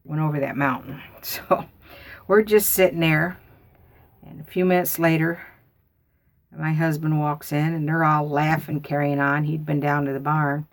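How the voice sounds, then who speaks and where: Gravelly folksy storyteller woman. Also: low voice, little pitch movement, a little slow. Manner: rambling, folksy, repeats herself. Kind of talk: casual storytelling.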